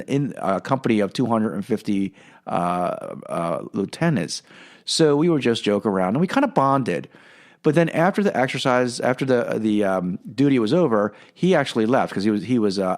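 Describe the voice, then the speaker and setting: Lower-voiced man telling a rambling story. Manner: rambling, with many fillers and restarts. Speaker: podcast host. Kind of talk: casual storytelling.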